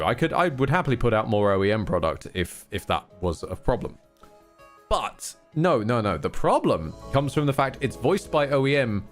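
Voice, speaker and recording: A man live-streaming a game, chatting casually, rambling and swearing often with candid asides. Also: medium pitch.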